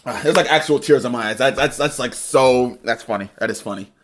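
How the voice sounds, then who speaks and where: A young man streaming a video game live, commentating in an excitable, rambling way and often laughing. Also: mid-range voice, fairly quick, a little hiss or hum. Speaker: gaming streamer.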